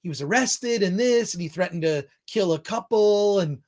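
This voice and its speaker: A man's voice: high-pitched, lively intonation, moderate pace, darkish tone. A man hosting a film review show in casual chat, rambling off on tangents and restarting his sentences often.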